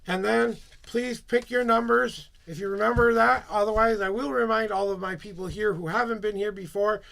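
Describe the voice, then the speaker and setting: Tarot guy on stream, rambly and upbeat, highish voice, kinda gravelly. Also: fairly even intonation, moderate pace, fairly bright tone. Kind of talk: live-stream tarot reading.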